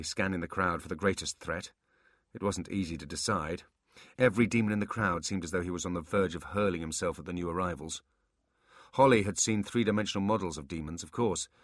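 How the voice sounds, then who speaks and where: A man narrating a fantasy audiobook with expressive, scripted storytelling on a close mic. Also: low voice, brisk, dry recording.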